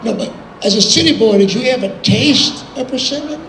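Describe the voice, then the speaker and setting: A man's voice: extremely high pitch, brisk, fairly bright tone, recorded from a distance, pitched above the performer's own voice. A man putting on the voice of a teasing older country star, drawling and mischievous, in a roomy space with background noise.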